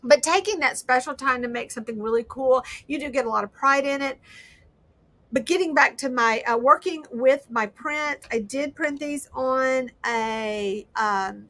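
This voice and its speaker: Bright, chatty woman hosting a craft stream. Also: sits high, measured pace, no room sound. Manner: chatty, rambling, self-deprecating. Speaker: livestream host. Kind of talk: casual crafting livestream chat.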